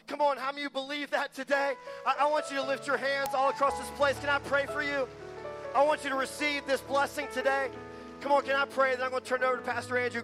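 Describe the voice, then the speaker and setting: High-voiced passionate male preacher. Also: flat delivery, quick pace, sharp tone, faint music behind. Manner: passionate, emphatic, repeats lines for weight. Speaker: guest preacher. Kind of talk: sermon.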